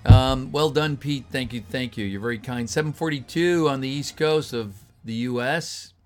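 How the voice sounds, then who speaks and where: A man's voice: medium pitch, normal speed, a little mellow. A man chatting casually with his livestream viewers, reading their messages aloud and greeting them, his voice a little tired. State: voice getting tired. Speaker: voice actor reading a script on a livestream.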